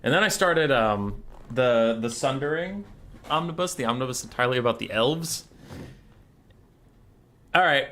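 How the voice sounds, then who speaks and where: A man with a bright, forceful voice chats casually on a live game stream. He drifts from mumbled asides into laughing, swearing rants, reading chat aloud and answering it as he plays. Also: medium pitch, lively intonation, moderate pace, pauses often. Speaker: streamer hosting a strategy game tournament.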